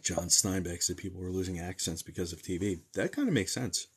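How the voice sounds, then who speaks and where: A man's voice: low-pitched, animated, brisk, slightly rough. A young man from New Jersey, a medium, chatting casually and joking as he reads out and answers livestream comments.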